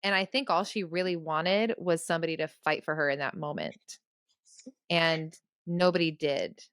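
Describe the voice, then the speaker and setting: A joking woman co-host on a casual book podcast, with a fairly low, smooth, resonant voice. She laughs often between points. The sound is dry and close. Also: normal speed, a bit bright, no echo. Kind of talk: casual book-club chat.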